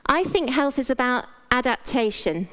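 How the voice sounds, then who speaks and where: A woman's voice: high voice, animated, normal speed, fairly bright tone. A middle-aged British woman, a doctor, giving a frank, playful motivational talk in a conversational way. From Britain. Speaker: doctor and speaker.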